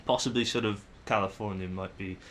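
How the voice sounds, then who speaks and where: A man's voice: fairly low pitch, steady tone, a little fast, fairly bright tone, slight background noise. A young Englishman with an English accent, musing to camera in a rambling, hesitant way with many fillers and restarts. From England. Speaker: vlogger.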